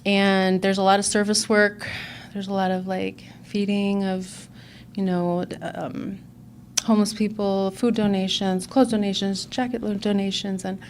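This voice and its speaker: A woman's voice: medium pitch, flat delivery, measured pace, slight background noise. A woman from the Chicago area, giving a candid personal testimony as a conference speaker and acting out remembered conversations. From Chicago area, USA. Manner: earnest and candid, acts out quoted dialogue. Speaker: conference speaker sharing her recovery story.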